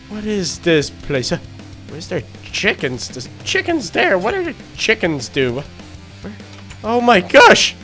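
A man voicing a timid, excitable young male baby duck in a game role-play, gasping and easily frightened. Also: high voice, slow, faint music behind, full character voice. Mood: scared. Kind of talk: Minecraft role-play narration.

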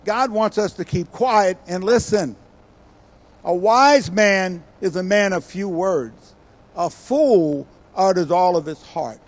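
An older man preaching a sermon as a guest speaker, telling stories with animated bursts and quiet asides. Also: sits high, slow. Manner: animated storytelling, acts out quoted voices with sudden loud bursts and quiet asides.

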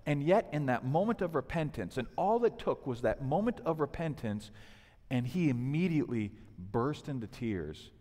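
A man in his thirties preaching in a church sanctuary, his pitch rising and falling in a lively way. His voice carries a long hall reverb. He acts out the people in his story as he preaches. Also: normal speed. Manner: animated preaching, voices the figures in quotes. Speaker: pastor. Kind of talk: sermon.

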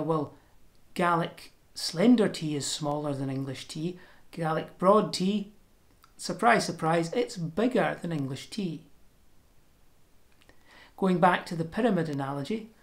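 A woman giving a pronunciation lesson, explaining sounds step by step and demonstrating them slowly and deliberately. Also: deep voice. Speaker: language teacher.

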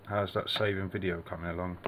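A man's voice: deep voice, level tone, fast, fairly bright tone, slight background noise. A man from the United Kingdom rambling in a vlog monologue, swearing constantly and muttering asides to himself.

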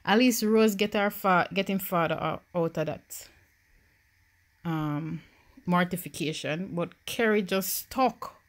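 A Jamaican woman, a gaming YouTuber, narrates her Sims game in let's-play commentary. Her lowish voice moves slowly, and she is animated, swinging from quiet worry to loud joy.

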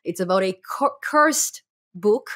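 A young adult woman with a non-native English accent, chatting as a podcast guest, lively and laughing often between fillers. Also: medium pitch, takes it slowly. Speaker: podcast guest, Python educator. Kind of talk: casual interview chat.

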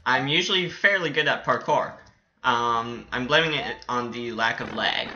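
A man's voice: mid-range voice, moderate pace, bright, forceful tone, muffled recording, a little hiss or hum. A man giving casual commentary while playing a game, rambling with many fillers and giggling and squealing with delight. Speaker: gaming channel host.

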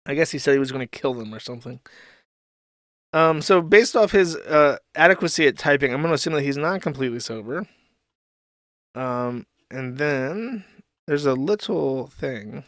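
A man's voice: mid-range voice, lively intonation, moderate pace, no room sound, clean studio sound. A man hosting a casual commentary stream, reading posts aloud with sarcastic mockery. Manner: sarcastic, mocking, reads posts aloud in exaggerated voices. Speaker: streamer host.

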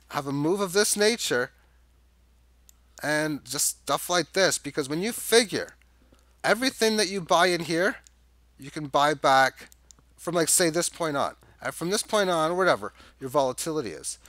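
A man's voice: fairly high pitch, fairly bright tone, no room sound. A man giving a rambling, casual chart walkthrough, thinking aloud with fillers and restarts. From Canada. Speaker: crypto chart analyst.

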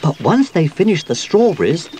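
A man's voice: a little high, sing-song, moderate pace, dark tone, a little hiss or hum, voice pushed up. A man voicing a sensible, cheerful girl panda puppet in a children's storybook reading. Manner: giggly, sensible.

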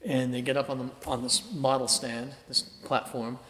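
A man's voice: medium pitch, normal speed, a little hiss or hum. Middle-aged man telling stories in an echoey hall. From Boston, Massachusetts, USA. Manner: animated anecdotes with acted-out inner thoughts, many fillers. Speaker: artist being interviewed. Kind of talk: casual storytelling interview. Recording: roomy echo with long reverb, faint ambience.

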